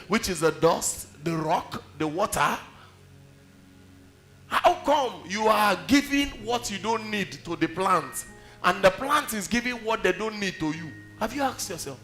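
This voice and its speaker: A Nigerian-accented man preaches in a high, bright, forceful voice. He tells stories with emphasis and fires off rhetorical questions at the congregation. Faint music plays underneath. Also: lively intonation, a little slow. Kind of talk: sermon.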